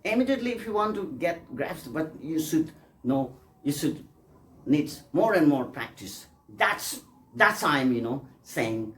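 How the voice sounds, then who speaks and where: A man's voice: on the high side, sing-song, a little slow, fairly bright tone. A man teaching an English pronunciation lesson, repeating examples and coaxing his students, often checking they follow. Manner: repetitive, coaxing, with frequent checks for understanding.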